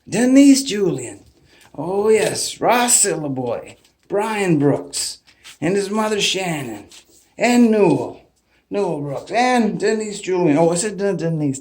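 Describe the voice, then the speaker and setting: A man with a high voice talks casually to his channel in a rambling, animated way. He sounds like he is in his thirties. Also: slow. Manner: rambling, animated, greets each name warmly. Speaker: channel host. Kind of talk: casual shout-out vlog.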